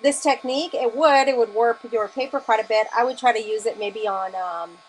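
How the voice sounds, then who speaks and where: A woman's voice: a little high, fairly quick, slight background noise. Chatty woman teaching a craft class. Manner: chatty and enthusiastic, gushing over colors. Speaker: art class instructor. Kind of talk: live-streamed craft demonstration.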